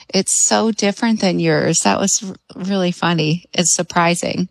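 A woman's voice: mid-range voice, normal speed, vocal fry, no room sound, poor audio. A woman guest on a radio talk show, speaking as a hypnotherapist in an enthusiastic, chatty way and laughing often.

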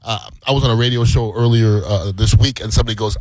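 A man's voice: fairly low pitch, fairly even intonation, fast talker, darkish tone, dry recording, rough recording. A man chatting casually as a co-host, blunt and emphatic, acting out the quotes in his stories. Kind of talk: casual chat.

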